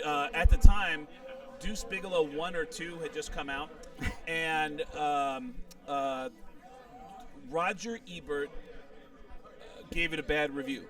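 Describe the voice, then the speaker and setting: Male comedian guest, high-pitched, loose profane storyteller, picked up from a distance. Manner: animated anecdote teller, swears freely. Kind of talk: casual storytelling.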